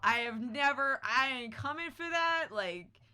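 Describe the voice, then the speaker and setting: A woman's voice: high voice, animated, measured pace, pushed and bright, clear, resonant tone. A woman hosting a podcast, telling a story in casual chat with a brash, profane, dramatic manner. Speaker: podcast host.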